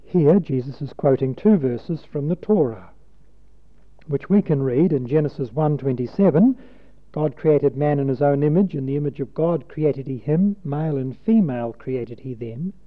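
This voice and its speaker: A man preaching a sermon, reading scripture aloud and stressing rhythmic wordplay. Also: fairly high pitch. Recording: tinny phone-like recording.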